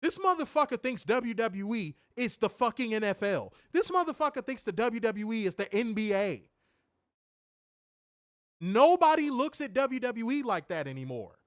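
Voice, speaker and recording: A man's voice: extremely high pitch, very animated, normal speed, no room sound, clean studio sound. A man co-hosting a wrestling podcast, ranting with profanity and piling up rhetorical questions. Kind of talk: heated ranting commentary.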